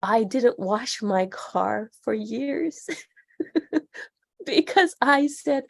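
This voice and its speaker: A woman's voice: on the high side, animated, extremely slow, vocal fry, long pauses, no echo, clean studio sound. A middle-aged woman speaking as a podcast guest, earnest and reflective as she talks openly. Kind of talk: candid interview conversation.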